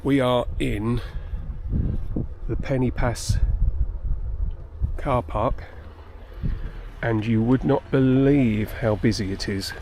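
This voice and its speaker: Here the hiker speaks slowly and pauses often, his medium-pitched voice darkish in tone. He's filming himself up close on a handheld phone as he heads up a busy mountain path, a little out of breath and casually making fun of himself.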